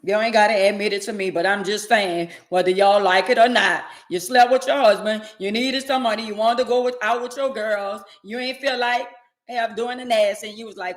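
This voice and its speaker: A woman, ranting bluntly and sassily to her livestream viewers and swinging between loud and quiet. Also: mid-range voice, fairly even intonation, fairly quick. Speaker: livestream host. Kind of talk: casual livestream rant to viewers.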